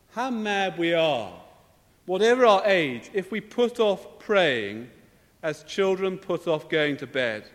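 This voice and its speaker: A man preaching a sermon in a measured, emphatic way, often posing rhetorical questions. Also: high-pitched. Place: church. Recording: long church reverb.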